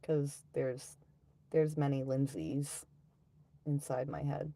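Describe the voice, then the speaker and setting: Low gravelly woman ranting on a stream. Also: steady tone, takes it slowly, warm tone. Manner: ranting, swearing, sighing often. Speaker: live streamer. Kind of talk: casual live-stream chat.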